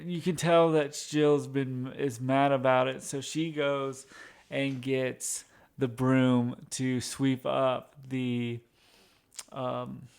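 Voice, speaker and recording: A man's voice: mid-range voice, smooth. A man casually recapping a sitcom episode, rambling with restarts and fillers. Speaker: show recap host.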